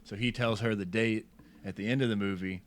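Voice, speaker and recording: A man's voice: on the low side, fairly even intonation, brisk, a little hiss or hum. A young man co-hosting a podcast, recapping a comedy film in a laid-back, profane way. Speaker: podcast co-host. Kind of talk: casual movie-recap chat.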